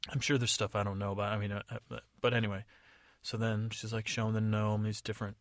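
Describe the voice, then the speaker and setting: A man's voice: lowish voice, monotone, fast, dry recording. Man, from the US, improvised casual storytelling, rambling, digressive, dry close sound. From United States. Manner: rambling, digressive, many fillers. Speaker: podcast storyteller.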